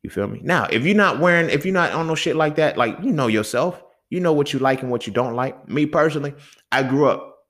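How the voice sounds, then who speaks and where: A man's voice: on the high side, animated, a little fast, a bit bright. A young man hosting a solo podcast, talking in a heated, profane way and often asking the listener if they feel him. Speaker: podcast host. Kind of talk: casual monologue.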